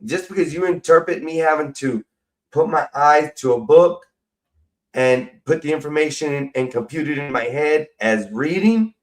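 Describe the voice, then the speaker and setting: A man's voice: on the high side, measured pace, far from the mic. Rambling profane man. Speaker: livestream host. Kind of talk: rambling casual livestream talk.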